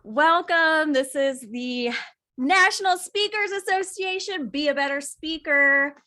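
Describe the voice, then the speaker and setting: Bubbly high-voiced woman host. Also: measured pace, sharp tone. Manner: bubbly, greets attendees by name. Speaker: webinar host. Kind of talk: welcoming a video call audience. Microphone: video call.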